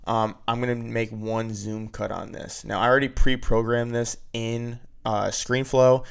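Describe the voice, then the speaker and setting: A man's voice: mid-range voice, flat delivery, unhurried, gravelly, clean tone. A man teaching video editing in a casual, step-by-step way, often checking in with "right?". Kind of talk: screen-recorded editing tutorial.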